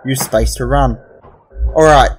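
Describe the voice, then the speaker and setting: A man's voice: medium pitch, unhurried, soft background music. A young man casually commenting on a horror game, rambling and joking as he tells a made-up story. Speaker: gamer. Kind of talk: casual let's play commentary.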